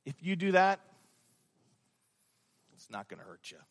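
A man voicing a sly male tempter who coaxes in a low, hushed tone. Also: big pitch swings, a little slow. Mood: coaxing. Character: smooth-talking tempter devil, sly male. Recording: long hall reverb.

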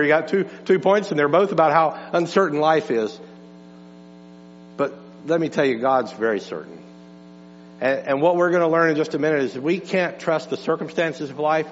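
Pastor preaching in a reverberant church. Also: male voice, fairly high pitch. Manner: emphatic, repeats words, swings from hushed to raised. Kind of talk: sermon. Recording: dull lo-fi sound with long reverb and hum.

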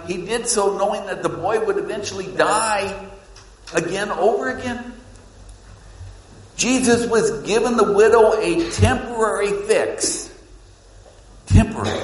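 A man preaching a sermon as pastor, swinging between loud emphasis and hushed, low lines. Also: animated, measured pace, long pauses. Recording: echoey hall with long reverb.

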